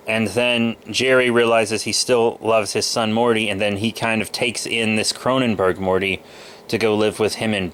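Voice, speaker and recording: Bright-voiced young man, a little sick. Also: mid-range voice. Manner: rambling, loose, with many fillers. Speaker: comic book vlogger. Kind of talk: casual haul video chat.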